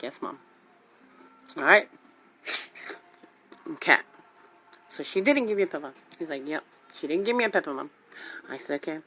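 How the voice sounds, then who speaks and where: Animated woman telling a story, lowish voice. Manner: animated, acts out quotes, repeats herself for emphasis. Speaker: radio show host. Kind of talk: casual storytelling.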